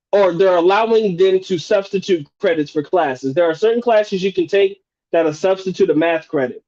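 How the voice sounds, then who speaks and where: A man's voice: fairly high pitch, dark tone, highs cut off. A man hosting a live stream, chatting casually and profanely, restarting and rephrasing as he goes. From United States.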